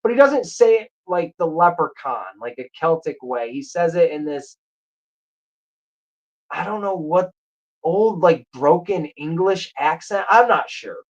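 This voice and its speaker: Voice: medium pitch, unhurried, muffled recording. A show host chatting casually and enthusiastically about a movie, rambling with frequent restarts. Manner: rambling, enthusiastic, with self-corrections. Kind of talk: casual chat.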